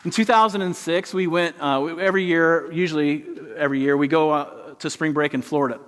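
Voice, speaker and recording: A middle-aged man preaching an animated sermon, with a high voice for a man. His words ring out with long reverb from a large church hall. He tells stories with lively rises and quiet drops. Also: brisk, smooth. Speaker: pastor.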